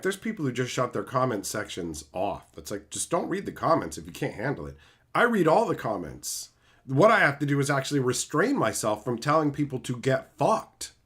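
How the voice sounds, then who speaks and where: A man ranting profanely on a livestream while reading chat comments, swinging between loud outbursts and low mutters. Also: slightly rough. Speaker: streamer reading live chat. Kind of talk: livestream rant.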